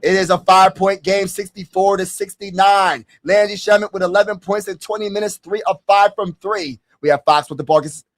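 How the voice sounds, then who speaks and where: A man streaming live play-by-play commentary on a basketball game, talking casually with slang, hyping his viewers and bursting into shouts at big plays. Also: sits high, steady tone, normal speed, few pauses.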